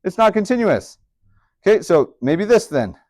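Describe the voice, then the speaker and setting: A man teaching a high school math class, chatty and upbeat, with joking asides to his students. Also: very animated, normal speed, a little mellow, dry recording, studio quality. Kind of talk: classroom lecture.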